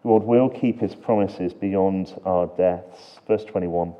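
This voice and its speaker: Low-voiced preacher, earnest and rhetorical. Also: male voice, slow, dull audio. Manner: earnest, rhetorical questions, wide swings from emphatic to hushed. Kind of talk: sermon.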